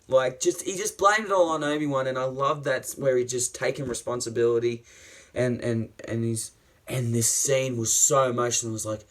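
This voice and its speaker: A man's voice: mid-range voice, normal speed. A man reviewing a series in a casual, enthusiastic, rambling way, swearing often and using many fillers.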